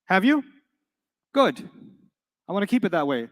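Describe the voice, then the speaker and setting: A man's voice: high voice, very animated, normal speed, fairly bright tone, in a large hall. A middle-aged man teaching Arabic to a live class, playful, quizzing his students and answering his own questions.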